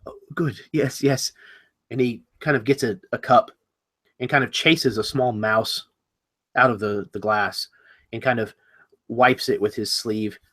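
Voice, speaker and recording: A man's voice: medium pitch, steady tone, measured pace, a bit bright. A man narrating a tabletop game as game master, describing actions with many hedges. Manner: descriptive, hedging.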